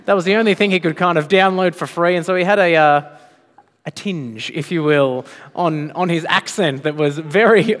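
A man's voice: a little high, normal speed, a bit bright. Preaching man in an echoing hall. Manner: emphatic, with frequent rhetorical questions. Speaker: pastor. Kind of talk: sermon. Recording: long reverb of a large hall.

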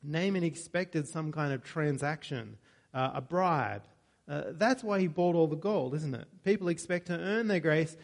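A man's voice: a little high, moderate pace, gravelly. A man preaching a sermon in a conversational way, with joking asides and self-corrections.

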